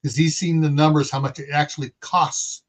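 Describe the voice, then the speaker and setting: A man's voice: fairly high pitch, level tone, moderate pace. A man from California hosting a casual livestream chat, rambling with sarcastic asides. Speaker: host.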